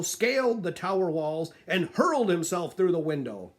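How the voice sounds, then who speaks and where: Reading a children's picture book aloud, this man uses an expressive storytelling style. His pitch is fairly high and he goes at a normal speed.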